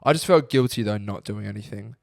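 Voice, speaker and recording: A young man with an Australian accent, co-hosting a podcast and telling stories in a relaxed, casual way. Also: on the low side, fairly quick, creaky, no room sound, studio quality. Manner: laid-back storytelling, swearing freely. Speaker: podcast co-host. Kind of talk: casual chat.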